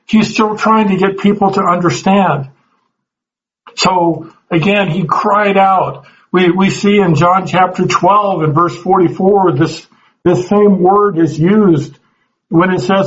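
A man's voice: high-pitched, a bit bright, muffled recording. A man teaching a Bible class, earnest, often restarting his words and putting questions to the group.

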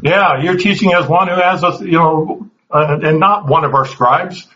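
A man's voice: a little high, moderate pace, sharp tone, highs cut off. A man teaching a Bible class, earnest, often restarting his words and putting questions to the group.

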